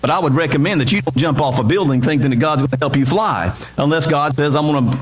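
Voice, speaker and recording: A male pastor delivers a sermon in a church, telling the story in a vivid way. His voice sits a little higher than most men's. He slips into the characters' voices as he retells the dialogue. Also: quick pace, poor audio.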